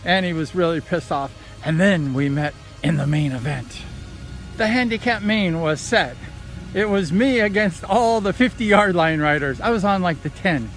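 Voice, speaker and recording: High-voiced man telling racing stories. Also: normal speed, soft background music. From Southern California. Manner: rambling, excited retelling with quoted voices. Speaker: vlogger recounting racing days. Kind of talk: casual storytelling.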